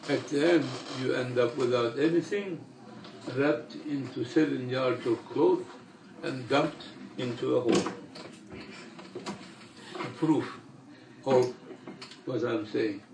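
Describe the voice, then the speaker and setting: An older man delivering a sermon in a slow, measured way with long pauses. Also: mid-range voice, noisy background. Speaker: religious teacher. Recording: echoey room, mic far off.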